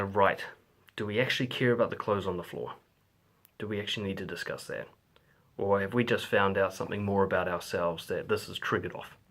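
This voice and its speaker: A man's voice: fairly low pitch, fairly bright tone. A man giving relationship advice to camera in a blunt, sweary way, acting out example lines. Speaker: relationship coach. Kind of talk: direct-to-camera advice vlog.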